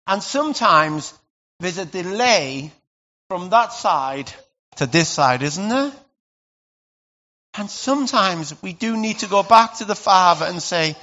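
A man preaching a sermon as pastor, conversational and animated, with sudden loud bursts. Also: high-pitched, slow pace, long pauses, dull audio.

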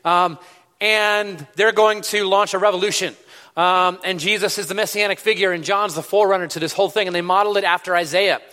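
A man preaching a relaxed, chatty sermon, full of fillers and restarts. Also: high-pitched, fairly quick. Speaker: pastor. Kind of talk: casual sermon. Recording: reverberant hall.

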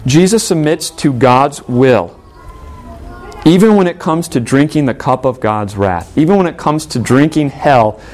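A man's voice: on the high side, lively intonation, unhurried, darkish tone. A man, the pastor, preaching an earnest sermon with emphatic repetition.

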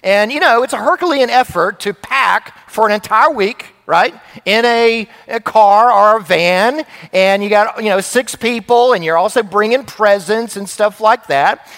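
A middle-aged man preaching a sermon as pastor, telling a family story with lively acted voices. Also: sits high, a little slow, hardly any pauses. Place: church sanctuary. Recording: long church hall reverb.

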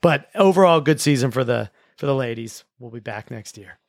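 A man's voice: medium pitch, moderate pace. A man hosts a school sports show in an easygoing way, recapping games in an ordinary middle voice. He often trips over his words and restarts sentences. The sound is close and dry, with no room echo. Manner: relaxed, with frequent restarts and repeated words. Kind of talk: casual sports recap chat.

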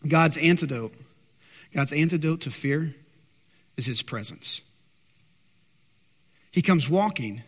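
A male pastor preaching a sermon, rising loud on his questions and dropping soft and low for his stories. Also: animated, slow, pauses often, in a large hall. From Texas, USA.

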